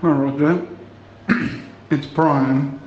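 A man leaving a halting, stammering voicemail for a friend in a comic sketch. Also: fairly high pitch, fairly even intonation, a little hiss or hum. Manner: halting, stammering, grows exasperated and shouting. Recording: roomy, dull recording with faint ambience.

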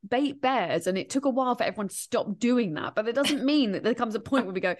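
A woman guest on a podcast talking in a casual interview chat, rambling and animated, laughing often and swearing freely. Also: on the high side, fast talker. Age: adult, grieving since 1998. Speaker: guest, grief podcast host and author.

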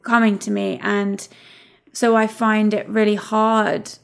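A woman co-hosting a casual conversation, with a middle-pitched voice. She speaks reflectively and haltingly, pausing often with fillers and restarting her sentences. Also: level tone, vocal fry, smooth. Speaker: podcast co-host. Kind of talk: casual chat.

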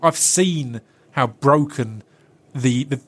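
A man's voice: mid-range voice, slow pace, slightly rough. A man hosting a podcast in casual chat, with a stutter that catches on word starts. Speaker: podcast host.

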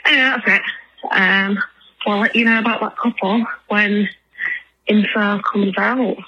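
The caller, an Englishwoman puffing from walking her dog, leaves a podcast a rambling voicemail thick with ums and likes. Her medium-pitched voice is steady and unhurried yet pushed and bright, breathy at the edges, on a muffled recording.

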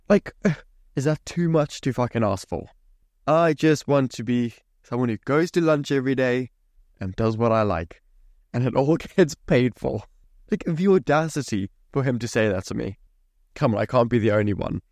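A man's voice: mid-range voice, expressive, normal speed, darkish tone, dry recording, clean studio sound. A young man hosting a podcast, ranting in a sweary, mock-indignant way. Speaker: podcast host. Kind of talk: solo podcast rant.

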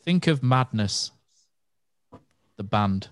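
A man hosting a quiz on a casual podcast, reading questions briskly and teasing the players. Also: on the low side, lively intonation. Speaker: quizmaster, podcast host.

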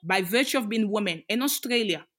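A woman's voice: mid-range voice, animated, a little fast, fairly bright tone. A young adult woman, an activist, talking passionately and emphatically in an interview, with many rhetorical questions. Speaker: interview guest, women's rights activist. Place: Australia.

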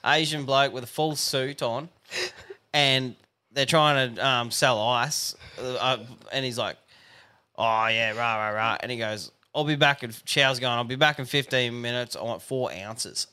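A man's voice: mid-range voice, normal speed, pushed and bright. An Australian man co-hosting a podcast, telling crude pub stories with constant swearing and frequent laughter. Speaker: podcast co-host. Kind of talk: casual crude storytelling.

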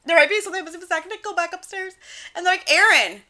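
A woman's voice: extremely high pitch, steady tone, racing, bright, forceful tone. A woman co-hosting a casual podcast recap, laughing often and acting out quotes. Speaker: podcast co-host.

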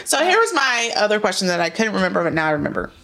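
A woman hosting a casual chat, telling stories in a playful, animated way. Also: mid-range voice, racing. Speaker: host.

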